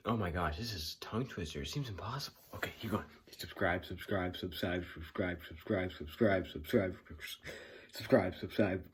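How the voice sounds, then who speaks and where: A man's voice: low voice, a bit bright, a little hiss or hum. A young man talking straight to his viewers in a teasing, mock-bored way. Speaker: YouTuber. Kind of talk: deadpan talk to camera.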